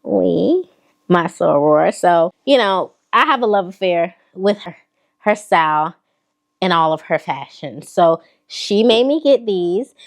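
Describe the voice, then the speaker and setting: A woman's voice: lowish voice, slow pace, creaky. Sassy Southern woman vlogger. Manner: sassy, animated, talks straight to viewers. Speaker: fashion vlogger. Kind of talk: casual haul chat.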